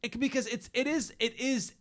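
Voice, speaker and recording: A man in his thirties co-hosting a casual film podcast, talking in halting bursts with many restarts and fillers, often laughing. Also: extremely high pitch. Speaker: podcast co-host. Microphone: home studio mic, typing nearby.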